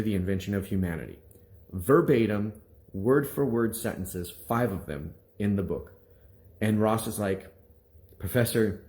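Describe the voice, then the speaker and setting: Young minister, low voice, lively storyteller who acts out the people he quotes. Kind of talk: testimony to viewers.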